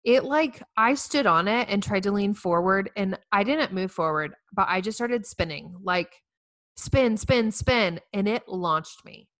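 A woman, giving a heartfelt inspirational talk to women, telling stories with earnest warmth and self-mocking humor. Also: mid-range voice, expressive, unhurried, no room sound. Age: 40s. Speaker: speaker addressing women facing infertility.

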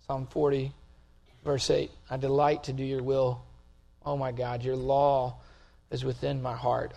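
A male pastor preaching a sermon, moving from calm, measured talk to loud, emphatic stretches. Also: mid-range voice, gravelly.

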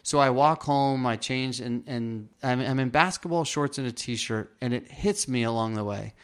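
Regular-pitched guy telling his story in an interview, earnest, plays out the dialogue, lots of restarts. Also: normal speed. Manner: earnest, acts out quoted dialogue; frequent restarts and fillers. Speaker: interview guest. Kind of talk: personal storytelling.

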